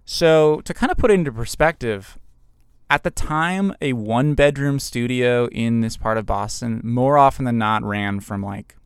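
A man's voice: medium pitch, normal speed, clean tone, dry recording, clean studio sound. A man telling a personal story in a casual, conversational way, with fillers and restarts.

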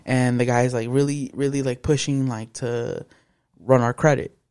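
A man's voice: medium pitch, little pitch movement, moderate pace, a little mellow, clean tone. Blunt, profane young man telling stories. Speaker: podcast co-host. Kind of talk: casual chat.

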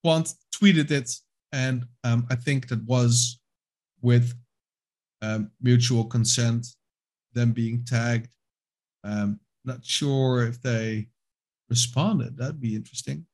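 A man's voice: medium pitch, steady tone, slow pace, a little mellow. A man co-hosting a casual crypto podcast, rambling with many fillers and restarts and reading from articles. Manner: reads quotes aloud from an article. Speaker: podcast co-host.

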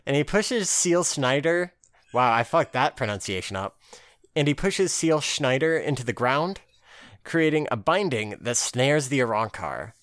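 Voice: mid-range voice, big pitch swings, normal speed, fairly bright tone, no room sound. A podcast co-host retelling an episode in casual chat, laughing easily and swearing freely. The voice swings widely up and down as they act out the characters' lines. The sound is close and dry, with no room in it.

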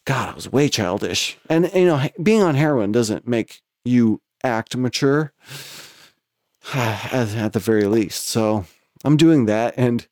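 A man's voice: medium pitch, lively intonation, slow, darkish tone, no echo, studio quality. A man with a West Coast American accent telling a story in casual chat, profane and rambling, laughing between lines.

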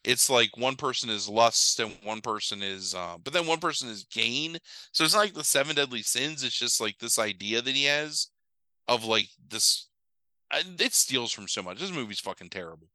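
In a mid-range voice at normal speed, a man on a podcast recaps a movie, rambling casually, swearing, and retelling the plot with animated quoted voices. The recording has no echo and is low quality.

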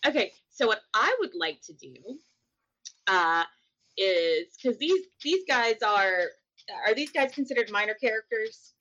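A woman playing a tabletop game, talking in an excitable, chatty way. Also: on the high side, a little slow, lo-fi sound. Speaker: player.

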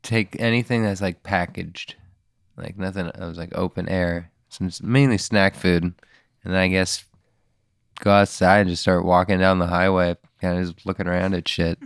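A man's voice: deep voice, steady tone, moderate pace, clear, resonant tone, no room sound, clean studio sound. A man playing in an improvised tabletop game, talking hesitantly with lots of stammers and fillers. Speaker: player.

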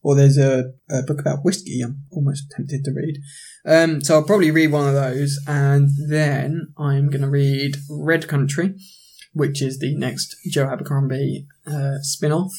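A man's voice: medium pitch, unhurried. A man co-hosting a podcast, chatting casually about books and films, laughing easily and trailing off while he thinks. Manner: relaxed, laughs often, trails off in thought. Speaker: podcast co-host.

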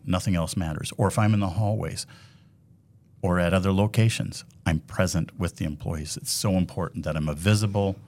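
A man's voice: sits low, a little mellow. A man from Minnesota with a Minnesotan accent, a credit union chief talking earnestly and upbeat about leadership as a podcast guest. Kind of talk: casual interview.

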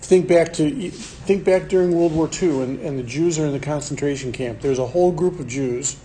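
A man's voice: a little high, normal speed, dark tone, slight background noise. A man hosting a podcast, talking through a Bible passage in a casual, explanatory way and pressing his points with questions. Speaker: podcast host leading a Bible study. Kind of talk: casual Bible study discussion.

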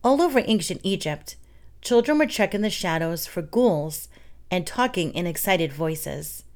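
A woman reading children's stories aloud in a soft, steady narration. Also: on the low side, unhurried.

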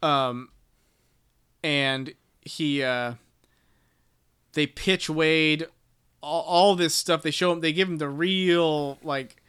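A man's voice: a little high, fairly even intonation, takes it slowly, long pauses, a bit bright, clean tone. A man co-hosting a casual book podcast, summarizing a chapter in a rambling, profane way with lots of fillers. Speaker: podcast co-host.

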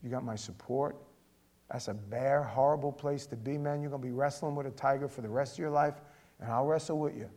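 A male pastor delivering a sermon, direct and conversational, swinging between loud emphatic reading and quiet, intimate asides. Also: medium pitch, fairly even intonation, brisk.

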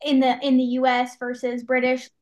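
A woman host with a high voice works her way into a question, pausing on fillers as she goes. Her phrasing is searching and relaxed. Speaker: podcast host. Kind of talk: interview questions.

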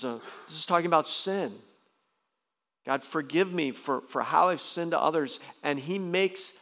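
A man preaching a sermon as pastor, emphatic, often jumping into loud, high bursts. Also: gravelly. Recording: long reverb of a large hall.

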